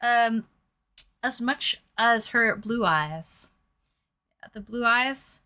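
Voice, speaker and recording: A woman's voice: a little high, lively intonation, drawn-out words, sharp tone. A woman with a mild Toronto Canadian accent, chatting casually with viewers as a livestream host. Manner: chatty, addresses viewers directly. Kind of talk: casual chat.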